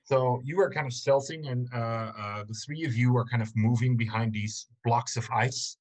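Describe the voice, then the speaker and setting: A man's voice: mid-range voice, fairly even intonation, darkish tone. Hesitant man running a tabletop game. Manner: hesitant, many ums, measured. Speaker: game master. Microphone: video call.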